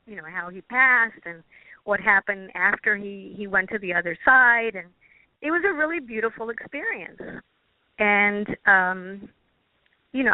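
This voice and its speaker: A woman guest, a quantum healing practitioner, telling a personal story in an earnest, halting way, often restarting her phrases. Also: medium pitch, dry recording. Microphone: phone or call line. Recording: tinny dry phone line.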